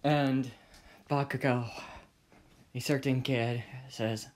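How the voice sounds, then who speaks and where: An amateur storyteller narrating a fan story, halting with many pauses and restarts. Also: mid-range voice, a little mellow.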